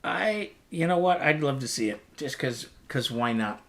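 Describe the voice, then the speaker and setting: A man co-hosting a podcast in a casual, joking style, who rambles and rants with animated energy. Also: medium pitch, moderate pace. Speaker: podcast co-host. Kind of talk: casual chat.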